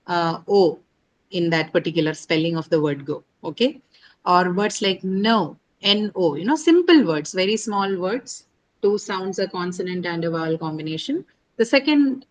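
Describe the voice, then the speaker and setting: A woman's voice: mid-range voice, low-quality recording. A woman teaching an English pronunciation lesson, spelling words out letter by letter and checking in with "right?" after each point. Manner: explains patiently, asks "right?" after most points. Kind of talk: online phonetics lesson.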